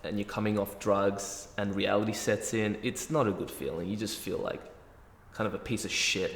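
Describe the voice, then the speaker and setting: Young Australian guy, animated swearing storyteller, echoey room. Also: lowish voice, moderate pace. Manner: animated, heavy swearing, self-mocking. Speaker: vlogger. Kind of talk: storytelling monologue. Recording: roomy echo, long reverb, faint music.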